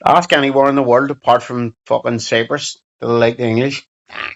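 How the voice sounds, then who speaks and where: A man's voice: mid-range voice, fairly even intonation, a little fast, gravelly, muffled recording. A man with a Belfast accent chatting casually on a livestream, reading out chat and answering with sweary, mocking banter.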